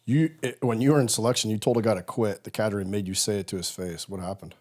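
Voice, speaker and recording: A man's voice: on the low side, steady tone, fast talker, darkish tone. A male podcast host asking direct questions in an interview.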